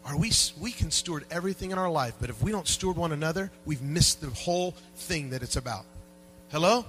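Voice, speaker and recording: A man preaching a sermon as pastor in a church, animated and joking with the congregation, dropping to quiet asides and rising to loud peaks. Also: fairly high pitch, quick pace, soft background music, rough recording. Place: church sanctuary.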